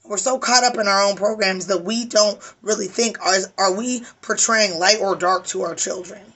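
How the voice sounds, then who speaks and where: A woman's voice: medium pitch, fairly even intonation, moderate pace, fairly bright tone. A woman with a weary voice giving an emphatic, preachy spiritual tarot reading, swearing casually. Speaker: tarot reader.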